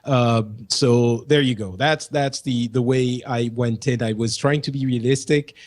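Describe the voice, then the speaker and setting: A man's voice: medium pitch, measured pace. Man with a light French accent. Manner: playful, exaggerating with deadpan hyperbole. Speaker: podcast co-host. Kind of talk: casual podcast chat.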